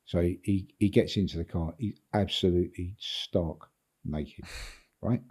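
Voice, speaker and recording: An older man from England, a football agent on a podcast, speaks unhurriedly in a low, steady, darkish voice with a breathy edge. He tells a long story in a rambling manner, chuckling and repeating words.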